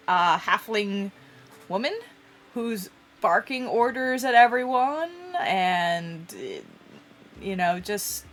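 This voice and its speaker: A woman's voice: on the high side, a bit bright. A woman narrating as game master of a tabletop game, casual and swearing freely.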